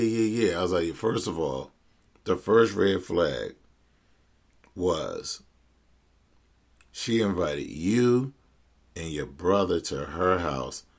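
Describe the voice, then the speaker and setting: A man's voice: low-pitched, creaky, breathy edge. A male podcast host retelling a client's story in casual, blunt, slangy commentary, quoting both sides of the conversation.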